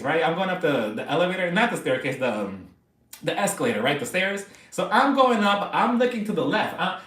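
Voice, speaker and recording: A man hosting a casual live stream, chatting excitably and gossiping about reality TV between laughs. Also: high-pitched, roomy sound.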